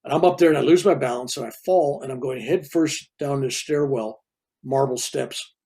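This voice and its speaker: An older man in his seventies, a reverend, telling a personal story in a loose, animated way and acting out the people in it. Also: medium pitch, normal speed, breathy edge. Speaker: reverend and guest speaker. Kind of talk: casual storytelling interview.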